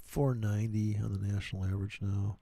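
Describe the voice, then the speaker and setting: A man's voice: fairly low pitch, flat delivery, fairly quick, warm tone, dry recording. A man hosting a trading livestream, ranting crudely and mockingly in a casual, profane way. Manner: crude, mocking, puts on silly voices for quotes. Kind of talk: rambling profane political rant.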